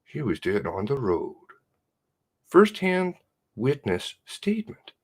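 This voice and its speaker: A man's voice: medium pitch, wildly swooping pitch, takes it slowly, long pauses, breathy edge. A man giving rambling, profane commentary while reading through material, muttering to himself and then flaring up. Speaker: independent online investigator.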